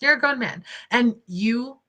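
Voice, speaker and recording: A young woman hosting casual livestream commentary, expressive and indignant, laughing often between points. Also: fairly high pitch, a little slow. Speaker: commentary channel host.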